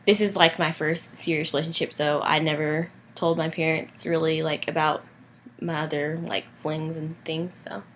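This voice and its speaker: A woman's voice: sits low, flat delivery, normal speed, a little hiss or hum. A young woman vlogging in casual chat with her boyfriend, talking loosely with lots of fillers. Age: young adult. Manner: chatty, lots of "like" and "um".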